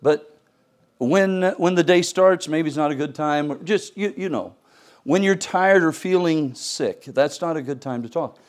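A middle-aged man preaching to his church, telling stories in a voice that sits a little high for a man. He swings between punchy, loud emphasis and hushed asides. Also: unhurried. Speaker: pastor. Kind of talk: storytelling sermon.

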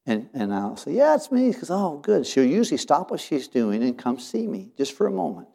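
A man's voice: medium pitch, big pitch swings, brisk, mellow. A middle-aged male pastor talking casually about counseling, with folksy, homespun sayings and frequent restarts.

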